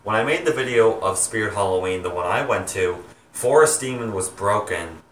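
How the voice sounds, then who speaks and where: A young man chatting to his viewers, rambling and halting with many ums and restarts. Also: fairly low pitch, expressive, a bit bright, roomy sound, recorded from a distance, slight background noise. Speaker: vlogger, home haunt maker. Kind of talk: rambling casual chat to viewers.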